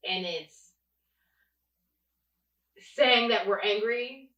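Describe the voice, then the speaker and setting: A young adult woman co-hosting a casual podcast, telling stories with animated emphasis. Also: medium pitch, drawn-out words. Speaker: podcast co-host. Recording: echoey room, distant and dull mic.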